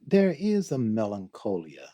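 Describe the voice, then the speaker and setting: Older guy, slow thoughtful talk, warm low tone, quotes poems, chuckles a lot. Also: wildly swooping pitch. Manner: slow, musing, quotes poetry, laughs often. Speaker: guest, theologian. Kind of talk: reflective interview conversation.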